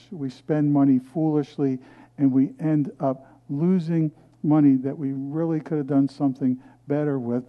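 A middle-aged male pastor preaching a sermon, telling a personal story and reading scripture loudly, then dropping to hushed asides. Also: mid-range voice, narrow, tinny audio.

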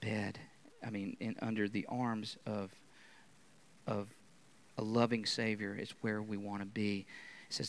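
Preacher swinging between shouts and whispers. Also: male voice, fairly low pitch, flat delivery, a little slow, pauses often. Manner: swings from loud, emphatic preaching to hushed whispers. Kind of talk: sermon.

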